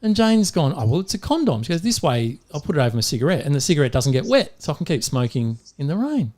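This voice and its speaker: An Australian man co-hosting a podcast, telling jokes in a relaxed chatty way and breaking into laughter as he goes. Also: on the high side, fast. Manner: animated storyteller who laughs mid-joke. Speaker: podcast co-host. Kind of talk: casual joke-telling chat.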